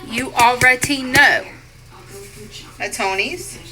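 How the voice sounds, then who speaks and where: A woman's voice: a little high, slow, over music, rough recording. A woman, chatting with viewers in a casual home cooking vlog from her kitchen. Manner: chatty, addresses viewers as y'all and guys.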